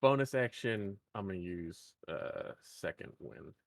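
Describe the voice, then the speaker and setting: A man's voice: low voice, animated, measured pace, gravelly. A man playing in a tabletop game who talks casually and mutters curses at his dice rolls.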